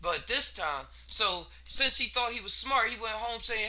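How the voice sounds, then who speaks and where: High, bright-voiced man musing casually. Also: lively intonation, a little slow, hardly any pauses. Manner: rambling, laid-back, slangy, laughs between thoughts. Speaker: podcast host. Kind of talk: casual solo monologue.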